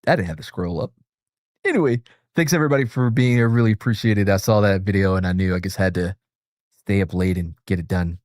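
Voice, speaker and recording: A man's voice: sits low, fast talker, darkish tone, no room sound, studio quality. A man hosting a casual late-night chat, loose and profane, joking with his co-hosts. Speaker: host.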